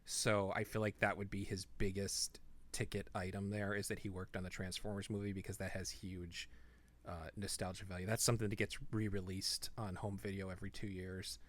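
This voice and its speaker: A man's voice: low-pitched, flat delivery, brisk. A man co-hosting a podcast, chatting casually and rambling into asides. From not from the Midwest. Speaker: podcast co-host. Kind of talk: casual chat.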